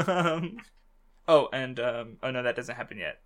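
A man chatting casually as a podcast co-host, excitable, laughing often and swearing freely. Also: mid-range voice, a little slow. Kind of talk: casual chat.

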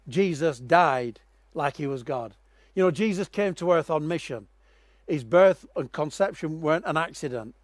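A man preaching a sermon, telling stories dramatically and swinging from quiet, low passages to loud, raised ones. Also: no echo.

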